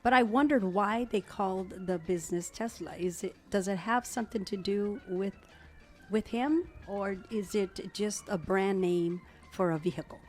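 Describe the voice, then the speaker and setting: A woman hosts a casual talk show interview. She speaks to her guest warmly and cheers him on. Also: medium pitch, normal speed, soft background music. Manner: warm, encouraging. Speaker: host.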